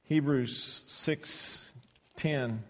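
A man preaching a sermon, swinging between loud, stretched-out scripture reading and soft, low asides, often repeating words as he restarts. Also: very slow. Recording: long hall reverb.

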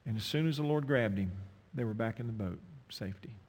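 A man preaching a sermon, emphatic, swinging from loud pointed questions to low, intimate asides. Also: fairly quick, breathy edge, in a large hall.

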